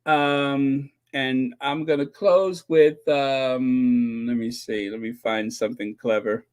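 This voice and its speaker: Speaking slowly in a mid-range voice with fairly even intonation, a royal commentary channel host chats on a casual live stream. He reads viewers' comments, teases them sarcastically, laughs, and often repeats himself.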